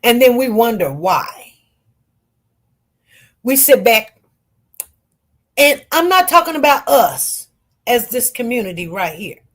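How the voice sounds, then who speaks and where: A woman with a Detroit accent talks straight to her viewers, animated and emphatic, doubling back on her words as she tells a story. Her voice sits high, and she takes her time. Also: takes it slowly, pauses often. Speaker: live-stream commentator.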